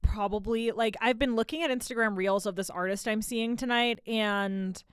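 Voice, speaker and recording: A woman's voice: fairly high pitch, normal speed, smooth, no room sound, studio quality. A young woman DJ chatting casually on her radio show, rambling through stories with laughs in between. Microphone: studio mic.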